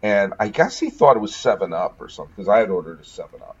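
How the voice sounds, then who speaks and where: Husky, wry storytelling man. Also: lowish voice, sing-song, quick pace, dull audio. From Massachusetts, USA. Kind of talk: casual chat, storytelling.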